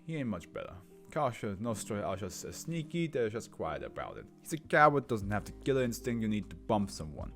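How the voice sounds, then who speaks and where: Give me a low, scornful gangster growling out street slang while being questioned, as a man reading aloud puts him on. His pitch swings widely from line to line. Faint music plays underneath. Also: sing-song, a little fast, few pauses, a bit bright. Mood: gruff. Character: tough, bitter male gangster under interrogation.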